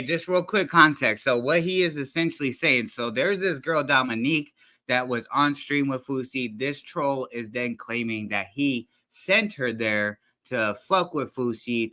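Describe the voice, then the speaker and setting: A man's voice: mid-range voice, bright, forceful tone. A man streaming a reaction to a clip, talking in loose, slangy, profane commentary. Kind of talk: casual commentary.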